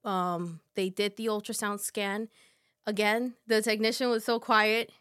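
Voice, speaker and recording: A woman in her thirties, a podcast guest, telling a personal story in a halting, soft way with many fillers. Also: medium pitch, level tone, clean tone. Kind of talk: casual conversation.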